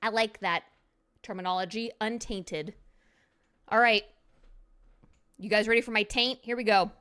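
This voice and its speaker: A woman's voice: mid-range voice, fairly even intonation, a little slow, sharp tone, clean tone. A woman streamer giving a casual card review at her computer, goofy and playful with silly jokes.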